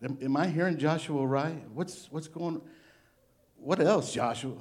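A middle-aged male pastor giving a sermon, animated and playful, acting out little voices as he preaches. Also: a little high, measured pace.

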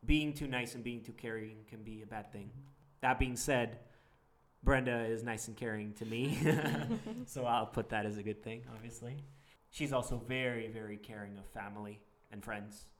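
A man's voice: mid-range voice, moderate pace. A young man talking in a casual couples chat, earnest and reflective, laughing often.

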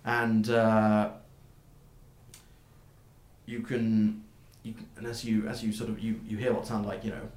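A man narrating a tabletop game as game master, in a halting way, with many fillers and restarts. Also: fairly low pitch, level tone, darkish tone. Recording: roomy echo.

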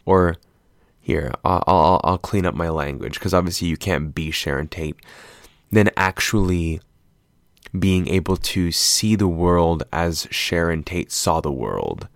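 A young man with a very deep voice talks through films in a loose, profane, meandering way. He curses freely and jumps from thought to thought. The sound is close and dry, with no room around him. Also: unhurried, vocal fry, no room sound. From half Filipino, US-based. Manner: profane, animated, rambling. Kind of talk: casual film commentary.

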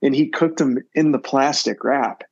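A man's voice: medium pitch, normal speed, darkish tone, breathy edge, no room sound, muffled recording. A man on a podcast telling rambling, profane anecdotes in casual chat. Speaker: podcast co-host.

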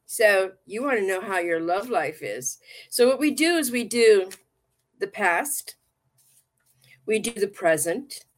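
A woman hosting a casual livestream chat and reading tarot cards, talking in a rambling, affectionate way and often repeating herself. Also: medium pitch. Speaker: livestream talk show host and tarot reader.

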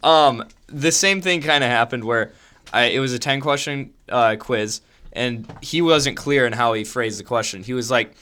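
A young man co-hosting a podcast, easygoing and quick to laugh, rambling through stories. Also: medium pitch, sharp tone, clean tone. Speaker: podcast co-host. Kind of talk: casual podcast chat.

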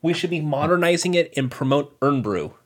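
A man's voice: a little high, animated. A man co-hosting a podcast in casual, joking chat, often stopping and restarting his sentences. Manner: halting, restarts, jokey trolling. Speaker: podcast co-host.

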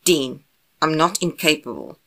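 A calm, earnest man with a formal turn of phrase, as a woman narrator reads him. The voice stays low and measured. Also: exaggerated voice.

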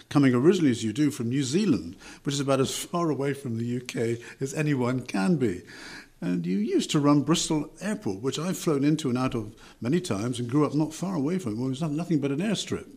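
An older man hosting an interview, speaking in a measured, courteous way from a hotel. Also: mid-range voice, darkish tone, slightly rough. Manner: measured and courteous, with scripted intro. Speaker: podcast interviewer. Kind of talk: hosted interview. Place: hotel room.

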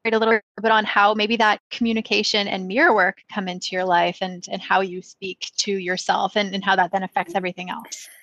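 A woman's voice: mid-range voice, flat delivery, a little fast, fairly bright tone, dry recording, rough recording. Thoughtful woman co-host, dry sound. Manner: thoughtful, asks questions carefully. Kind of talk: conversational interview.

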